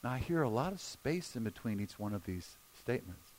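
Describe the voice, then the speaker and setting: A male pastor preaching a sermon, shifting between emphatic points and hushed, slow retellings of scenes. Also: medium pitch, slight background noise. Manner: expressive, drops to a hushed voice for quoted scenes.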